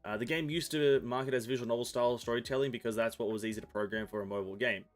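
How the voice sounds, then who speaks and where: A man's voice: medium pitch, steady tone, racing, faint music behind. A man streaming a game, chatting casually in a rambling, self-correcting way and now and then swearing. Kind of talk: casual gameplay commentary while reading game text aloud.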